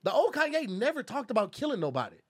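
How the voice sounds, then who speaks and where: A man hosting a casual podcast chat, talking in an animated way and laughing and swearing often. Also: very high voice, quick pace, husky. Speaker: podcast host.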